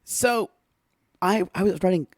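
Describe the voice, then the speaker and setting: A man co-hosting a podcast, casually chatting and recapping a reality show with animated, dramatic storytelling. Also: high-pitched, measured pace, no echo, studio quality. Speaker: podcast co-host.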